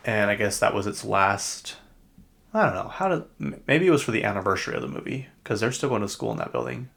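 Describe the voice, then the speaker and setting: A man's voice: fairly low pitch, animated, fast talker, gravelly, a bit bright. A man with a Utah accent hosting a podcast, rambling through casual pop-culture chat. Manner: rambling and chatty, with frequent fillers. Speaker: podcast host.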